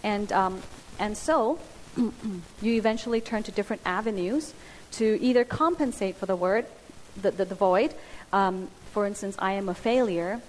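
A woman giving a sermon, speaking earnestly with pauses and restarts. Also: medium pitch, a little mellow. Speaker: preacher. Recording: hissy hall with long reverb.

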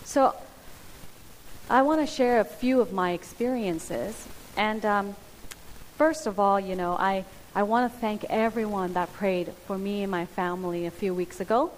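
A woman giving a sermon, speaking earnestly with pauses and restarts. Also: mid-range voice. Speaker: preacher. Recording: hissy hall with long reverb.

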